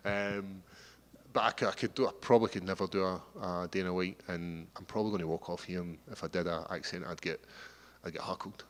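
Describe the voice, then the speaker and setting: Scottish fighter in an echoey hall. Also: male voice, sits low, steady tone, brisk, a bit bright. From Scotland. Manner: rambling, frequent restarts, easygoing. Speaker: fighter at media day. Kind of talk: casual interview answers. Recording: long hall reverb.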